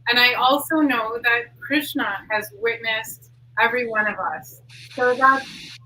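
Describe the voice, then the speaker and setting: A woman's voice: a little high, unhurried, bright, forceful tone. A woman talking candidly as an interview guest, earnest and leaning on "like" as a filler. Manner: earnest, heavy use of "like" fillers. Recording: distant mic with faint noise.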